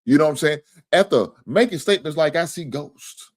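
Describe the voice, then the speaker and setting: A man's voice: on the high side, expressive, fairly quick. A man hosting a casual sports talk livestream, joking, swearing freely and thanking viewers for donations. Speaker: sports talk show host.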